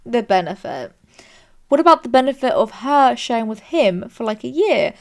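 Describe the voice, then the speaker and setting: A woman's voice: normal speed, vocal fry. Chatty young British woman. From Britain. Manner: chatty, animated, jumps into high squeals when amused. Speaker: streamer reading and judging online stories. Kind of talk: casual commentary reading posts aloud.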